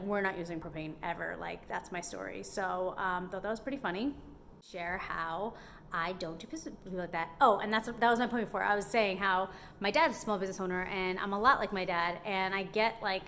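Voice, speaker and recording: A young woman telling a story to her vlog audience in a lively, chatty way, full of fillers. She puts on little voices for the people in her tale. Her voice sits at an average pitch, and faint room noise runs underneath. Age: young adult. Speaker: small business owner.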